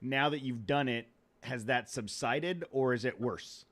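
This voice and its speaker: A man hosting a podcast, asking questions in an easygoing, halting way. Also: medium pitch, a bit bright. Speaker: podcast host. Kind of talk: casual podcast conversation.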